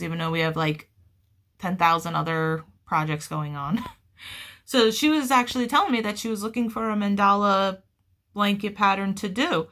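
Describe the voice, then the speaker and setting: A woman talks through a crochet-along in a relaxed, unhurried way, often gushing over the yarn and colors. Her voice is bright and lively in tone, and she keeps the chat casual and warm-hearted. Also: medium pitch. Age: adult with children. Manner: chatty, gushing and upbeat. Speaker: crochet vlogger.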